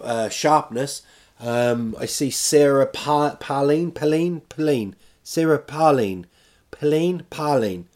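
A man's voice: mid-range voice, a little mellow. A man talking at home in a casual, rambling monologue, chatty and self-deprecating, drifting from one story to the next. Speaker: vlogger.

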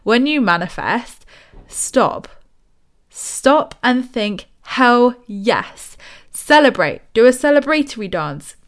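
A woman's voice: fairly high pitch, very animated, takes it slowly. A young woman giving a casual motivational talk on spirituality, chatty and enthusiastic. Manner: chatty, enthusiastic, acts out quoted voices. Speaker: spiritual author and podcast host.

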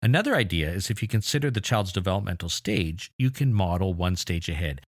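A man's voice: deep voice, animated, brisk, no echo, studio quality. A man hosting an educational podcast, explaining ideas with enthusiasm and a few exasperated asides. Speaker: podcast host.

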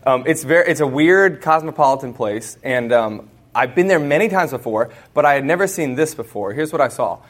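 A man's voice: medium pitch, expressive, fairly quick. An American man in his thirties, speaking live to students and telling a story in a humorous, conversational way. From United States. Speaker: conference speaker.

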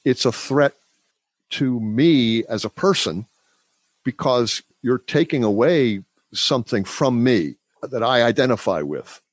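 A man hosting a podcast interview, speaking in calm, reflective remarks. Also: medium pitch, slow, no echo. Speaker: podcast host.

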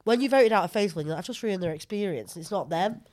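A woman chatting as a podcast guest, rambling and often dropping to a low voice when she reflects. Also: expressive, quick pace, darkish tone. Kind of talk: casual chat.

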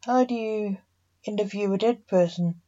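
A woman's voice: medium pitch, normal speed, mellow, muffled recording, natural voice. A woman voicing a doubting male prosecutor who keeps asking questions in disbelief. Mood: incredulous.

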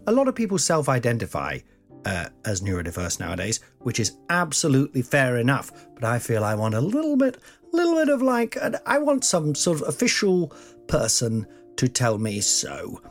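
A man's voice: mid-range voice, wildly swooping pitch, normal speed, faint music behind. A man in his forties hosting a comic podcast, rambling and self-mocking, jumping between silly voices. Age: 40s. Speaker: podcast host, comedian.

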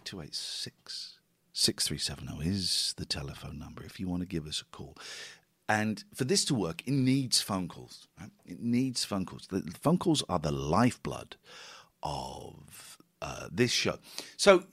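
Animated radio host, rambling. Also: male voice, mid-range voice. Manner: rambling, self-mocking, restless. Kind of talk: casual radio chat.

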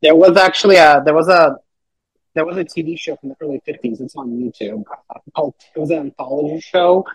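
Husky-voiced man rambling in casual chat. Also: on the high side, fairly quick, no room sound, low-quality recording. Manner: rambling, many fillers and restarts. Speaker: podcast guest.

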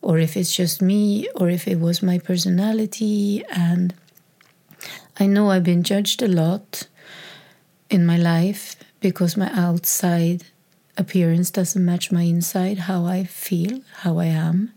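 Woman telling her own hard story really slow, halting, lots of restarts. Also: on the low side, fairly even intonation, vocal fry, mellow. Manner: halting, raw, reflective, with restarts. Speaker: speaker sharing a personal story. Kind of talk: personal testimony.

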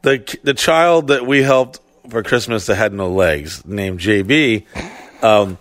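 A man co-hosting a podcast, telling stories in a casual, animated, heavily profane way and acting out what people said. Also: fairly low pitch, takes it slowly, no echo. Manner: profane, animated storytelling with acted-out quotes. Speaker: podcast co-host. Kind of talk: casual storytelling chat.

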